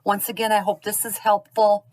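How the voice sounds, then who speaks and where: A middle-aged woman teaching parents in a gentle, encouraging, slow and clear way. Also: mid-range voice, level tone, low-quality recording. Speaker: early childhood teacher. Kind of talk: instructional video for parents.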